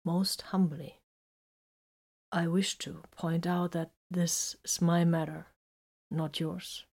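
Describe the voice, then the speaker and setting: A woman voicing a weary, guilt-ridden male psychic warrior who talks formally, quietly and slowly. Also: fairly low pitch, level tone, creaky, exaggerated voice. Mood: stiff. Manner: quiet, slow and subdued.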